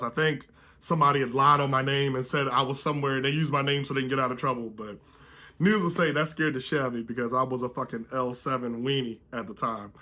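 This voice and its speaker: A man's voice: medium pitch, bright, forceful tone. A man in his thirties, hosting his own show and casually telling a profane, laid-back story from his youth, acting out the dialogue. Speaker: podcast host.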